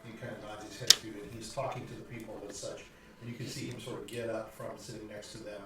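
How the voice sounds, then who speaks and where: A man's voice: on the low side, little pitch movement, quick pace, very noisy. Male game master, echoey and distant. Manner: rambling narration with many fillers and restarts. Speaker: dungeon master. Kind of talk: narrating a tabletop game. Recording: echoey room from far off.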